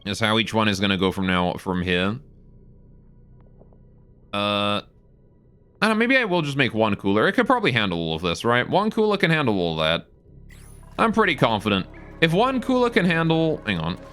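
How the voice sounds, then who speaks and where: A man's voice: on the low side, huge pitch swings, normal speed, long pauses, fairly bright tone, clean tone. Streamer guy mumbling thru his game plans, reading chat, faint music behind. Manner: thinking aloud, answering chat. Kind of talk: live gameplay stream chat.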